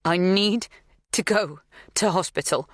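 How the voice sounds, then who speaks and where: A woman's voice: on the low side, measured pace, no echo, clean studio sound, voice pushed up, lightly acted. A woman voicing a young woman in labour, pleading and panicked.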